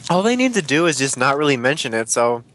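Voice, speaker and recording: A man's voice: mid-range voice, sing-song, quick pace, fairly bright tone. Rambling man chatting casually. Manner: rambling, self-deprecating, apologetic. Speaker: podcast co-host. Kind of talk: casual chat about cartoons.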